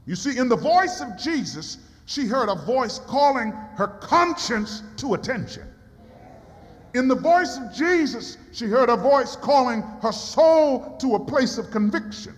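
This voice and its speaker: A man preaching a sermon, telling a Bible story dramatically and acting out the dialogue, in a church. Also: high voice. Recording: long hall reverb.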